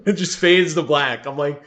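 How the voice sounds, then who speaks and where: Young male podcast co-host, slightly high voice, animated storyteller who laughs a lot. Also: unhurried. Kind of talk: casual chat.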